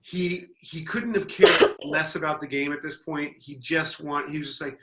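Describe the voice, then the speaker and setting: A man's voice: a little high, moderate pace, few pauses, roomy sound. A man on a comedy podcast panel telling a rambling story full of restarts. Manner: rambling, with many restarts and loud mocking impressions.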